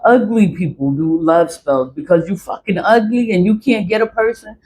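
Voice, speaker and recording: A woman in a casual vlog monologue, venting a story bluntly and with a lot of swearing. Her pitch sits in the middle of the range, and she hammers her points home by saying them over and over. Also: moderate pace, a little mellow, slight background noise. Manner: emphatic, repeats herself for stress. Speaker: vlogger.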